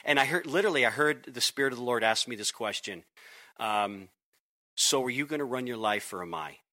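A man's voice: medium pitch, fairly quick. A middle-aged man, a youth pastor, telling stories in a casual podcast conversation and acting out the voices. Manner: animated storyteller, acts out voices.

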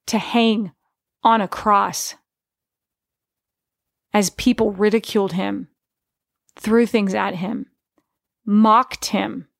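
A woman's voice: mid-range voice, gravelly, no room sound, clean studio sound. A woman in her forties giving an earnest, conversational faith testimony, full of fillers and restarts. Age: 40s.

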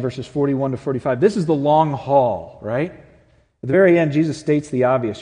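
A man preaching a sermon as pastor, earnest, swinging from loud to hushed. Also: mid-range voice, normal speed. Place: church sanctuary. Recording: long reverb of a church hall.

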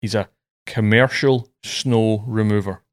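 A man's voice: on the low side, fairly even intonation, a little slow, no room sound, studio quality. A man hosting a casual podcast, chatting and telling stories with lots of fillers. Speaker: podcast host.

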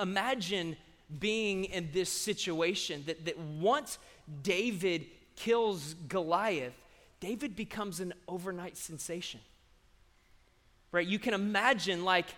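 A preacher tells a Bible story in a loose, conversational way, often swelling to loud emphasis. His voice is fairly high for a man, and a long reverb trails after it. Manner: storytelling, conversational, surges in loudness. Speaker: pastor. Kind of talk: sermon.

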